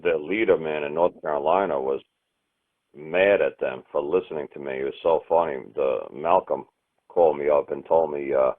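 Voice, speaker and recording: A man's voice: a bass voice, fairly even intonation, normal speed, dry recording. A man telling stories in casual talk, blunt and emphatic, often cursing. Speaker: teacher of a study group. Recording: tinny phone-line sound.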